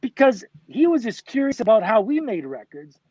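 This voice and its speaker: A man's voice: high-pitched, very animated, normal speed, darkish tone, no room sound. A man in his sixties, a record producer guest on a podcast, telling a casual, rambling story full of "like" and "you know". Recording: dull, lo-fi, dry.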